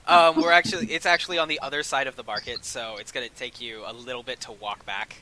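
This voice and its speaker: A man's voice: mid-range voice, fairly even intonation, fast, a crowd in the background, rough recording. A man narrating as game master in a casual tabletop game, hesitant and full of ums.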